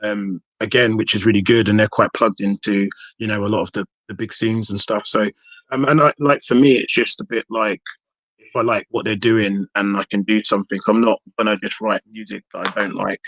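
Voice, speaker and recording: A man in a relaxed podcast chat, rambling and restarting often as he talks about his music. His voice sits a little low and sounds dry and close, with no room echo. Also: fairly quick. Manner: rambling, many restarts and fillers. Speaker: hip hop artist. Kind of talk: casual podcast interview.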